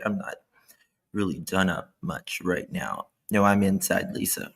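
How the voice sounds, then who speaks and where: Slow, low-voiced man hosting a live stream. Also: big pitch swings, vocal fry, a crowd in the background, background noise. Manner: warm, effusive thanks to chat members. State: tired. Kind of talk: casual live stream chat, greeting viewers. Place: indoors at home. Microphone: laptop camera mic.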